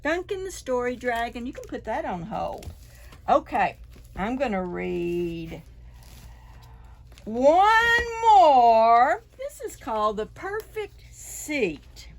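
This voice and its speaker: Animated woman reading a storybook to preschoolers. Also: on the high side, slow. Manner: animated and expressive, with sound effects and asides to children. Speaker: children's librarian. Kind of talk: preschool storytime read-aloud. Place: library.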